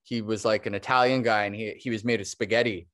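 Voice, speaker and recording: A man's voice: fairly low pitch, fairly even intonation, fast, a bit bright. A man, a stop motion animator, chatting as a podcast guest in a casual, long-winded way and laughing often. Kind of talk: casual interview chat.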